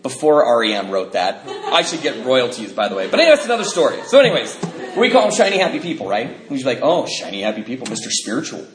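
A man telling his recovery story to an audience as an animated storyteller who laughs as he talks. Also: mid-range voice, fast, crowd noise. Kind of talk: personal testimony to an audience. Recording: echoey room with faint noise.

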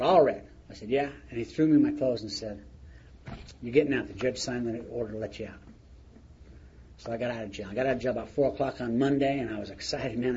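A man's voice: mid-range voice, darkish tone. Man, middle-aged, plain-spoken storyteller, chuckles, recovery share, muffled lo-fi recording. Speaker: speaker sharing his recovery story. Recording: muffled lo-fi recording with faint noise.

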